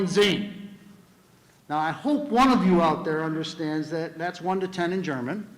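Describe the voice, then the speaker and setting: A man's voice: high voice, a bit bright. An older man, a school administrator, giving a ceremony speech to honor students in a large hall, telling a family story.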